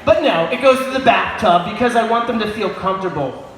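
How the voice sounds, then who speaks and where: A man doing a crude, crowd-baiting stand-up set on a pub stage, often shouting at the audience. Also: sits high, fairly quick. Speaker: stand-up comedian. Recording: echoey room with crowd noise.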